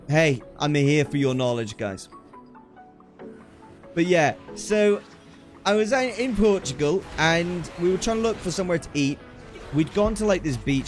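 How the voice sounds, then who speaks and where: A young British man chats away on a game stream, full of slang and quick bursts of excitement. His voice sits on the higher side for a man, and faint music plays underneath. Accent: British English. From Britain. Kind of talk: casual storytelling while gaming.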